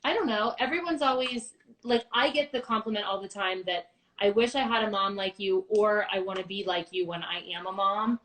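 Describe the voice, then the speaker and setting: A middle-aged woman talking openly in a casual livestream chat. Her voice sits at an ordinary pitch, and her tone is candid and reflective with a dry, wry edge. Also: steady tone, moderate pace, fairly bright tone, poor audio. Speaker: guest, mother of two daughters.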